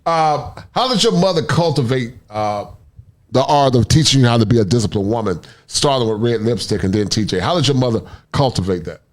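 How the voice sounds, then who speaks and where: A man's voice: medium pitch, expressive, fairly quick. Affirming male podcast host. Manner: affirming, says "right" constantly, laughs easily. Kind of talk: casual podcast chat.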